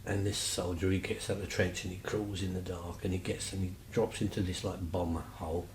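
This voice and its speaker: A man's voice: low-pitched, level tone, fairly quick, echoey room, slight background noise, poor audio. A man telling stories casually, rambling and chatty with lots of fillers. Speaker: vlogger. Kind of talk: casual storytelling.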